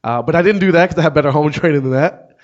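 A man in his thirties, a comedian and author, telling a story to an audience with wry, deadpan asides. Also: a little high, fast. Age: 30s. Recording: dull lo-fi sound.

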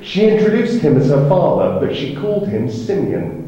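A man's voice: fairly high pitch, big pitch swings, normal speed, warm tone, heavy reverb, lo-fi sound. A man, the author and songwriter, reading a passage from his book on stage. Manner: reads a passage, then sings his song.

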